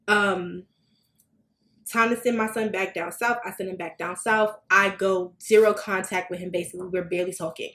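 A woman on a podcast telling a personal story in casual chat, swearing freely and acting out quotes with sudden high, loud bursts. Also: normal speed. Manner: animated, swearing, acts out quotes with big jumps in pitch. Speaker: podcast co-host.

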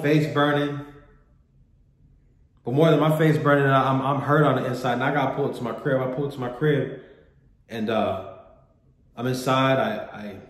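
A man's voice: medium pitch, echoey room. A man vlogging a personal story in a candid, profane, rambling way, often repeating himself. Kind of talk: casual storytelling monologue.

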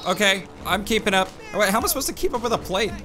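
Upbeat male gameplay commentator with a slightly high voice, quick to joke, over loud game music. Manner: excitable, jokey, often says "dude". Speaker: gaming channel host.

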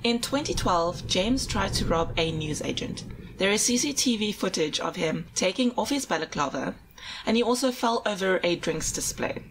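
A woman's voice: medium pitch, expressive, normal speed, background noise. A woman from South Africa co-hosting a podcast, telling stories in casual chat and often laughing. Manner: chatty, giggly, often breaks into laughter. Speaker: podcast co-host.

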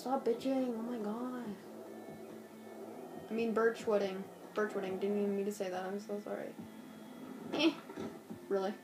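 A woman's voice: medium pitch, little pitch movement, normal speed, long pauses, music in the background. A woman chatting goofily to herself while commentating on a game she is playing. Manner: chatty, goofy, talks to herself. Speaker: gameplay commentator. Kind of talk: casual let's play commentary. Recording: noisy home recording.

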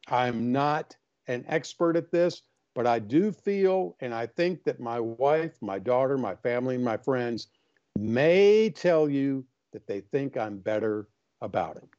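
Older man, dark mellow voice, earnest. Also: mid-range voice, muffled recording. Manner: earnest, storytelling, acts out voices in anecdotes. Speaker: author and guest. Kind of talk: casual interview chat.

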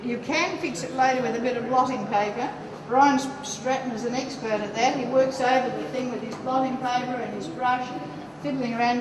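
An Australian woman giving a live watercolour demonstration, talking in a chatty way and thinking aloud as she paints. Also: fairly high pitch. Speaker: painting teacher. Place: large room with a live audience. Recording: echoey hall from far off, loud background noise.

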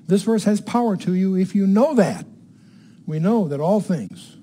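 A man's voice: sits high, sing-song, moderate pace, warm tone. Older man teaching Bible with emphasis. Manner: emphatic, repeats key words, asks the audience questions. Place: room with a live audience.

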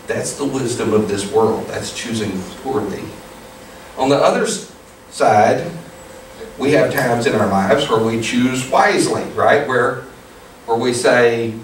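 A man preaching a sermon as pastor, telling a story in a relaxed, conversational way and putting questions to his congregation. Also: medium pitch, measured pace, slight background noise. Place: church sanctuary. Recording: echoey hall, distant mic, room ambience.

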